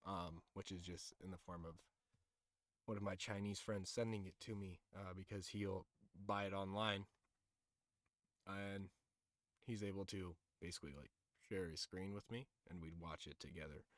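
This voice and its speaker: A man's voice: low-pitched, fairly even intonation, moderate pace, no room sound, studio quality. A man streaming, chatting casually about music and anime in a loose, profane, rambling way with lots of fillers. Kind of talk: casual livestream chat.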